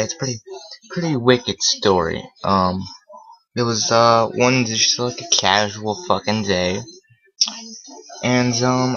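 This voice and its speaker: A man drawls through a casual storytelling vlog, heavy on curse words and filler sounds. His pace is unhurried and loose, and the recording sounds dull and lo-fi. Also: on the low side, a bit bright. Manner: heavily profane, rambling with many fillers. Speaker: vlogger.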